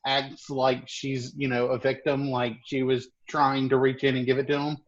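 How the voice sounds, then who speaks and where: A man's voice: mid-range voice, little pitch movement, moderate pace. Male tabletop player, casual, stammers and curses, muffled mic. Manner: swearing, stammering.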